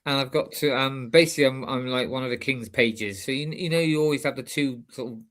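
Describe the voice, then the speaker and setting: A man's voice: medium pitch, fairly quick, a bit bright, slight background noise. A man with a Bristolian accent co-hosting a casual chat, talking hesitantly with many restarts. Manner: hesitant, full of ums and restarts.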